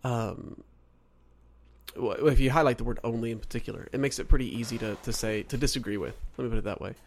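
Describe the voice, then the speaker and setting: Measured male podcast co-host. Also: medium pitch. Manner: measured, reasons step by step, rephrasing himself. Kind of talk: casual podcast discussion.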